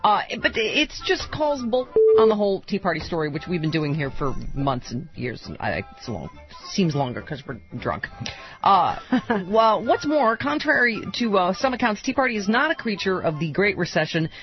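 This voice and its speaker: A woman radio host bantering in quick, giggly bursts, her pitch swinging widely from high to low. The broadcast sound is slightly muffled, with faint music underneath. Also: sing-song. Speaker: radio talk show host. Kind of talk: casual comedic radio chat.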